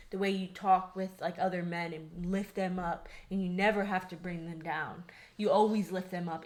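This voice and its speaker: A young woman in casual conversation, earnest and a bit out of breath, her sentences looping through filler words. Her pitch sits in a middle range and her tone is heartfelt. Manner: earnest, rambling with many "like" fillers. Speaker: podcast co-host.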